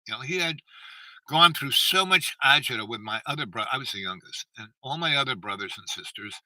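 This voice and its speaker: A man's voice: mid-range voice, expressive, fairly quick, bright, forceful tone, no echo, recorded from a distance, poor audio. A man telling a long personal story in a meandering, self-interrupting way and acting out the people he quotes. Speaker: channel host.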